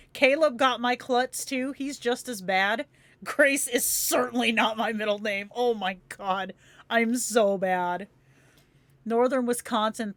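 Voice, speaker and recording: A woman's voice: fairly high pitch, fairly bright tone, no room sound. Chatty, laughing woman from Phoenix. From Phoenix, Arizona, USA. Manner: chatty, laughs often, swears freely, says "yo". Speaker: livestream host. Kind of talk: casual chat with live viewers.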